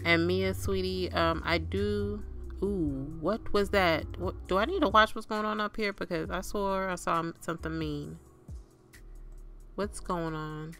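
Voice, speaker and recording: A woman's voice: lowish voice, fairly even intonation, a little slow, fairly bright tone, soft background music. A woman casually commentating her life-sim gameplay and chatting to her game characters as if they were family. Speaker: gaming channel host.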